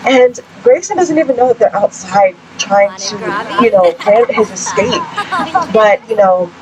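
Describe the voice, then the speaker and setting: A young woman giving chatty, excitable let's-play commentary, exclaiming often as she narrates the story. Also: mid-range voice, a little slow, dull audio, crowd noise. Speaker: gaming channel host. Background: game music.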